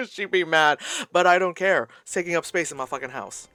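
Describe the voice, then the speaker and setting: A streamer giving a live reaction to a movie, animated, laughing often, swearing and mocking voices. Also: medium pitch, moderate pace.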